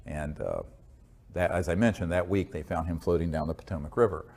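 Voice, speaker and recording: An American man with a low voice, answering interview questions in an earnest, measured way. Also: steady tone, vocal fry, darkish tone. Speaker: interview guest.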